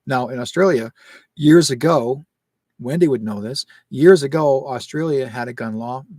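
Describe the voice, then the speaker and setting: A Canadian man hosting a live call-in psychic show, talking in an emphatic, rambling way with sudden rises in pitch. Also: moderate pace, darkish tone, breathy edge, dry recording. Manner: emphatic, rambling, rising sharply on points.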